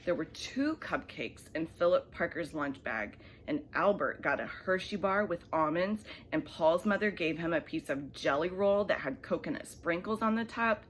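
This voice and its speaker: A woman reading a children's bedtime story aloud, animated and expressive, with soft hushed asides. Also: on the low side, moderate pace, hardly any pauses, a little hiss or hum.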